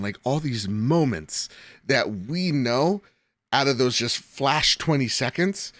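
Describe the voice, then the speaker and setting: A young man co-hosting a casual podcast, talking in an animated, rambling way and laughing often. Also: medium pitch, takes it slowly, no echo. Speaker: podcast co-host.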